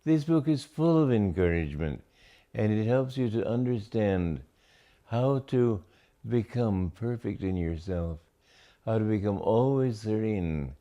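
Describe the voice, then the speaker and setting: Older guy, spiritual teacher, deep low voice, talks real slow with long pauses. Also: expressive, dark tone, dull audio. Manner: slow, deliberate, pausing between phrases. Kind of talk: reflective talk on scripture.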